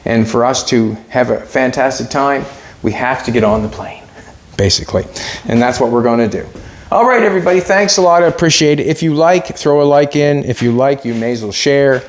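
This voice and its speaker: A man's voice: mid-range voice, a little fast. A middle-aged man hosting a casual workshop vlog, chatty and talking to himself as he works. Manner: chatty, talks to himself while working. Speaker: host and car builder.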